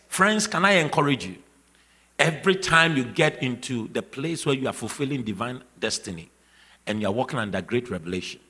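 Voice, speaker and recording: A man preaching a sermon emphatically, repeating key phrases and building to shouts. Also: lowish voice, husky. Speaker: pastor. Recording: long reverb of a large hall.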